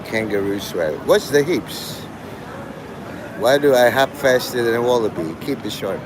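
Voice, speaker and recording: Rambling streamer on a noisy street. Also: male voice, mid-range voice, expressive, measured pace. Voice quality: meandering, laughs often between thoughts. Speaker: livestreamer. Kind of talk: rambling live-stream chat.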